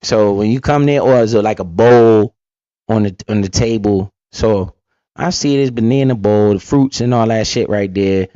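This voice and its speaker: A man's voice: lowish voice, moderate pace, dark tone, no echo, lo-fi sound. A man giving blunt, profane, casual commentary while reacting to an interview, full of asides and storytelling.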